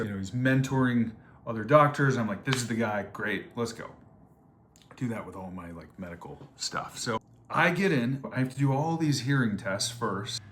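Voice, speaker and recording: A man in his twenties telling a personal story to camera on a trip, rambling with lots of fillers and repeated words. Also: medium pitch. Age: 20s. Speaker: vlogger. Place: on a surf trip. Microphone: phone or camera, quickly made video.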